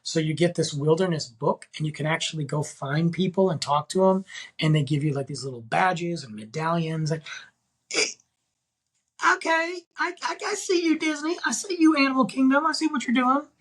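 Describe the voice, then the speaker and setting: A man's voice: on the high side, a bit bright, breathy edge. A man hosting a podcast, talking in a casual, rambling and enthusiastic way full of slang. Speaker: podcast host.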